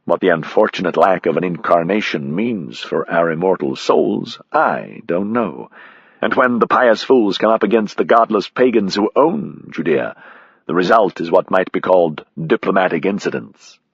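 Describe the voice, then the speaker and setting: A man's voice: sits low, expressive, normal speed, vocal fry, husky, dry recording, muffled recording, heavily acted. A man voicing a blunt, sardonic American man.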